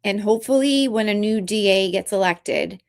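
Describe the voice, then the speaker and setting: A woman vlogger talking in an earnest, halting, emotional way in casual commentary. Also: medium pitch, vocal fry.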